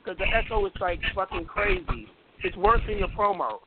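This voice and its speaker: A man's voice: high-pitched, moderate pace, heavy background noise. A man making crude jokes in casual chat, recorded with a tinny, phone-like sound. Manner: crude joking.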